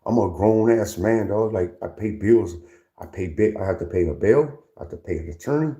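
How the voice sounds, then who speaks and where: Heated middle-aged guy on a livestream going off at someone, low mellow voice, stumbles over his words. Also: normal speed, highs cut off. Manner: confrontational, repeats "dog" constantly; stammering restarts when worked up.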